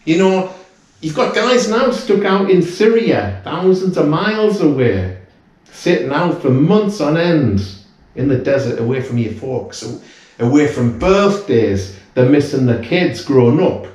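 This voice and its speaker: A man in his fifties from the UK, appearing as a guest in a casual chat, speaks at a measured pace in a fairly high, darkish voice with lively intonation. He's earnest, drifting and restarting many times over. The room is very echoey, and he's away from the mic.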